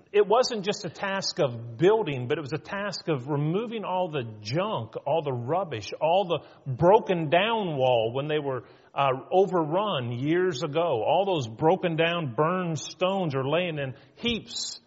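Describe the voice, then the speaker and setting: A middle-aged man preaches a sermon in an easy, conversational way, slipping into little quoted voices to make his point. His voice sits a touch high for a man. It comes through muffled, with a long reverb trailing off the walls of the church. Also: lively intonation, measured pace, hardly any pauses, breathy edge. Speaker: pastor. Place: church sanctuary.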